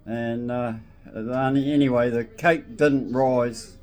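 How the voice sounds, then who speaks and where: A man's voice: medium pitch, fairly even intonation, slow pace, a little mellow, soft background music. Rambling man telling a story. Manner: rambling, with restarts and "so anyway". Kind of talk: casual spoken anecdote.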